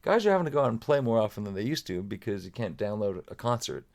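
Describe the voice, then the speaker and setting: A man's voice: fairly low pitch, very animated, fast, gravelly, a little mellow. A middle-aged man talking casually as a podcast guest, rambling with many restarts and fillers. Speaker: guest drummer.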